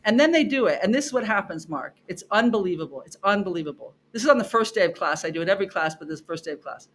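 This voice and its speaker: Speaking very fast in a medium pitch, a middle-aged woman professor appears on a podcast recounting her classes with lively, conversational storytelling. She imitates her students and repeats points for emphasis, with a faint hiss or hum in the audio.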